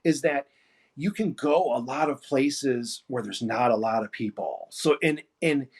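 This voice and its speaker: American man, casual co-host, easygoing rambling, mid-pitched voice. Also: measured pace, husky. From United States. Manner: easygoing, rambling, many fillers like "you know". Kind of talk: casual chat.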